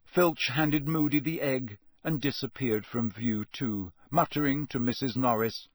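A medium-pitched man reads scripted audiobook narration with a measured, steady storytelling delivery, and the recording has no echo.

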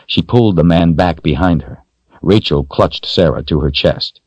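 Deep husky male audiobook narrator. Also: no echo. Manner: steady measured storytelling. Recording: dull dry lo-fi recording.

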